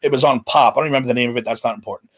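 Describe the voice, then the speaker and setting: A man in his forties, a podcast guest, telling a celebrity story in an excited, animated way. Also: medium pitch, very fast. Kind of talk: casual storytelling.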